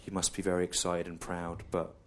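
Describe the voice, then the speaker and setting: A male stand-up comedian performing live on a club stage, telling a story in a slow, deadpan and repetitive way, with the audience laughing. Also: low voice, some chatter behind, a little hiss or hum.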